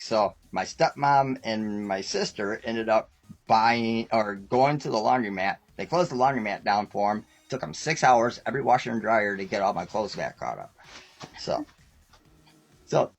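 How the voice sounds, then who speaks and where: A man guest on a talk show, telling rambling stories casually, often laughing and acting out quoted lines. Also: medium pitch. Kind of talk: casual storytelling.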